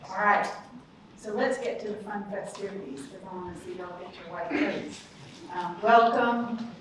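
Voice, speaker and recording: A woman's voice: medium pitch, fairly even intonation, moderate pace, fairly bright tone. A woman, a college dean giving an upbeat, chatty ceremony speech that speaks straight to the audience. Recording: echoey hall, distant mic, background noise.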